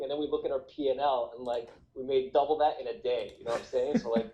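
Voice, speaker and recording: A man's voice: medium pitch, fairly even intonation, fast talker, dark tone, rough recording. A young man from New Jersey chatting casually about trading, laid-back and swearing, leaning on "dude" as he tells stories with energy. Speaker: trader. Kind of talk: casual chat.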